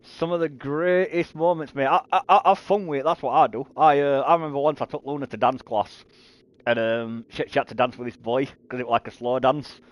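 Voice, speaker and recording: A man's voice: medium pitch, fairly even intonation, brisk, lo-fi sound. A man in his thirties telling stories on a game stream, stumbling over repeated words and swearing casually. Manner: rambling storyteller who stammers and repeats words; swears freely and laughs at his own stories. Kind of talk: casual chat while gaming.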